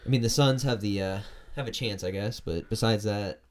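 A man's voice: on the low side, moderate pace. A man co-hosting a podcast, chatting casually about sports and throwing in short jokes. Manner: short joking interjections. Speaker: podcast co-host.

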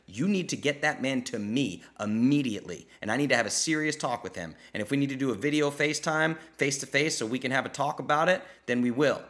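A man's voice: medium pitch, fairly quick, few pauses, bright, forceful tone. A man hosting a live listener Q&A, blunt and fired up, swearing for emphasis and mimicking the people he talks about. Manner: mimics people in quoted voices. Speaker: podcast host answering listener questions. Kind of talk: live Q&A chat.

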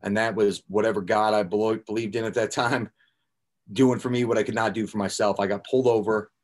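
A man's voice: lowish voice, steady tone, a little fast. A man guest on a podcast, telling his own recovery story candidly, blunt and raw with casual swearing and filler words.

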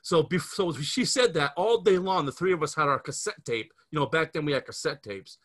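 A man in his fifties with a bright, forceful voice pitched a little high chats on a podcast. He tells a long, rambling story and keeps restarting his sentences. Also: lively intonation, brisk. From Scranton area, Pennsylvania. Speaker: podcast host. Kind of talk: casual podcast chat.

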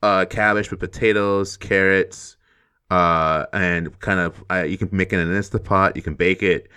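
A man's voice: low voice, steady tone, moderate pace, sharp tone, smooth. A man co-hosting a live-streamed podcast, chatting in an easygoing way and chuckling often. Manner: easygoing, chuckling, many fillers. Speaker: podcast co-host. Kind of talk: casual live-stream chat.

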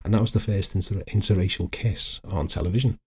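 A man's voice: low voice, steady tone, fast talker, darkish tone, breathy edge. A middle-aged man, hosting a solo motivational podcast in a chatty, anecdotal way that wanders into side stories. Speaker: podcast host, life coach.

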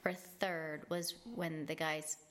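A woman's voice: low-pitched, little pitch movement, slow pace, fairly bright tone, a little hiss or hum. A woman chatting casually about her home, laughing often and trailing off mid-sentence. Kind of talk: casual chat. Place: home in Italy.

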